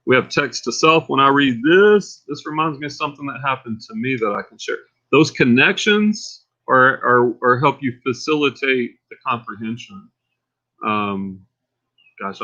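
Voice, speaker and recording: A livestream host with a Texan accent runs a casual stream, rambling excitably and getting fired up as he goes. His voice is mid-range, and the audio sounds dull.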